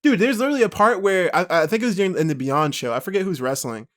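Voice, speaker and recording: A young man co-hosting a podcast, chatting excitably, laughing often and swearing a lot. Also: high-pitched, fast. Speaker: podcast co-host. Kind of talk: casual chat.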